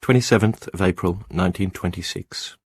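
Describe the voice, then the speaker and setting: Deep-voiced man reading an audiobook. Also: slightly rough, dry recording, studio quality. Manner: measured, lyrical reading. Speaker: audiobook narrator. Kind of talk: scripted audiobook narration.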